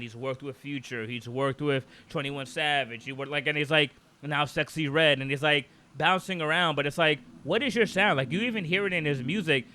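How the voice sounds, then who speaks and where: A man co-hosting a podcast in casual chat, animated and rambling, with lots of "like"s and restarts. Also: on the high side. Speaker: podcast co-host.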